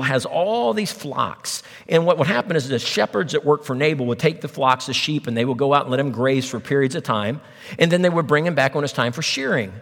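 A middle-aged pastor preaching a sermon, telling a story with humor and acted voices. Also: male voice, mid-range voice, in a large hall. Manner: animated storytelling with jokes and voices.

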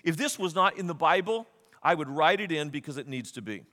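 A man preaching a sermon, retelling stories with lively, acted-out voices. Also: fairly high pitch, a little fast, big-room sound. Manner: animated storytelling, acts out quotes. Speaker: pastor.

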